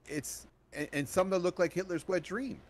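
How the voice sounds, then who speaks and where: A man co-hosting a podcast, asking probing questions in relaxed conversation with joking asides. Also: high-pitched, moderate pace. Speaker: podcast co-host. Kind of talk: casual movie review chat. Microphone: podcast microphone.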